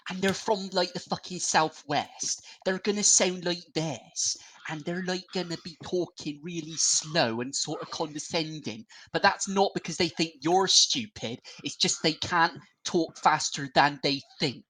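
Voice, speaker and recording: A man's voice: fairly high pitch, a little slow, hardly any pauses, bright, forceful tone, slight background noise, rough recording. A man from England, a stream co-host, teasing and sarcastic in casual banter.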